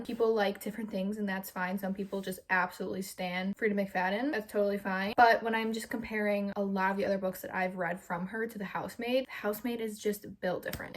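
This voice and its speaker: A young woman chats to her viewers in a relaxed, opinionated way. She talks at a middle pitch and drops plenty of "like" fillers as she goes. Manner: chatty and opinionated, lots of "like" fillers. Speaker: lifestyle vlogger. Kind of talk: casual chat to camera.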